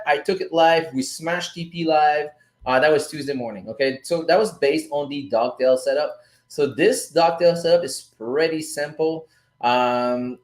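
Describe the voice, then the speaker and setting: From an echoey room, a man with a mid-range voice chats casually on his forex trading livestream, explaining trades. His manner is loose, with casual swearing and plenty of "guys" and "dude" aimed at viewers.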